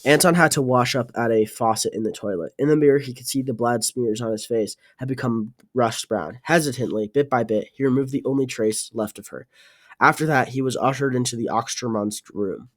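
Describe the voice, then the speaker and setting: A man narrating an audiobook, reading in a halting way with fillers and restarts. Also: mid-range voice. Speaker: audiobook reader.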